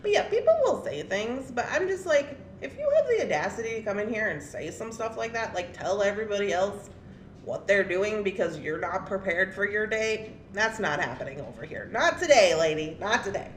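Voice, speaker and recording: Speaking at a normal speed in a medium pitch, a craft and jewelry channel host shares a blunt, casual story with her viewers and laughs often. She's animated, and the recording comes from an echoey room with faint ambience and a bit of background noise.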